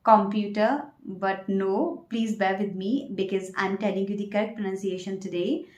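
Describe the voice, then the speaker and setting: A woman teaching English pronunciation in an online lesson, speaking clearly and deliberately and quizzing the viewer. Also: medium pitch, fairly even intonation, warm tone, reverberant.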